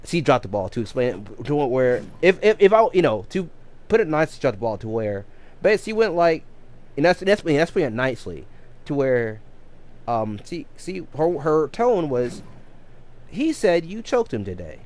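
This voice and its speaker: A man's voice: a little high, big pitch swings, normal speed, darkish tone. A man in his thirties chatting casually on a live game stream, rambling with many restarts and repeated words. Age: 30s.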